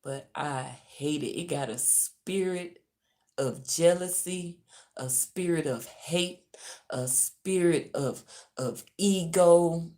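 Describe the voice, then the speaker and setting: Brief: Louisiana woman, spiritual reader venting on a live stream, deep, slow, cussing, drops to mutters then flares up. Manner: profane, venting, swings from muttering to loud. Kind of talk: ranting livestream. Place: hotel room.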